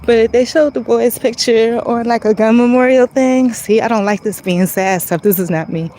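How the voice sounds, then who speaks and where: Walking outside on a street, a vlogger addresses her viewers in a fairly high, mellow voice at a moderate pace. She rambles casually and sounds earnest and emotional; the low-quality recording carries slight background noise.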